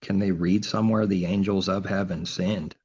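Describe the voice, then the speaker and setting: A man's voice: sits low, fairly even intonation, moderate pace, darkish tone, slightly rough. A man delivering an informal sermon, asking and answering his own rhetorical questions, often with mocking sarcasm. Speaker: preacher. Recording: dull lo-fi recording.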